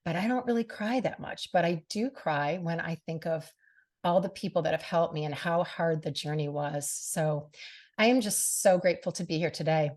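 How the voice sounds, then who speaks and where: Middle-aged female talk host, heartfelt and earnest, slightly low pitch, lots of "you know". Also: moderate pace, darkish tone. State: briefly tearful. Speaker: radio show and podcast host. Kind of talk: personal monologue to listeners.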